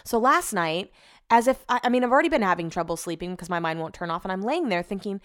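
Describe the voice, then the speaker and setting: A young adult woman talking casually to her followers, telling an animated story with swearing and acted-out dialogue. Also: medium pitch, fast. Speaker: vlogger.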